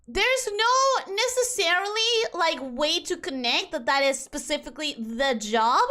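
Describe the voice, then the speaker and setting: Very high-pitched, bright streamer woman. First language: Spanish. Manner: chatty, animated and rambling. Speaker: VTuber streamer. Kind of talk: casual game-stream chat.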